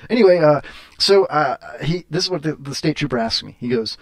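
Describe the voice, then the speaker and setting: A man's voice: on the high side, fast talker. Rambling, laughing male podcast host. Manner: rambling, laughing, lots of fillers. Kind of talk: casual chat, storytelling.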